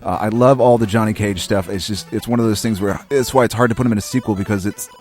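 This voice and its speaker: Man from maine, 30s, let's-play host, rambling and swearing, wry, lowish voice, game music under. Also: quick pace, a little mellow. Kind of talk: casual let's-play commentary.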